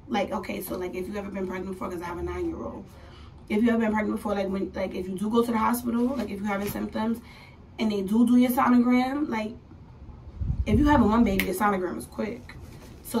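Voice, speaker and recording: A young woman vlogging, telling a story in a chatty, animated way, dropping to whispers and rising to laughing squeals as she acts out what people said. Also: mid-range voice. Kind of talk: casual storytelling. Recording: a little distant from the mic, faint room noise.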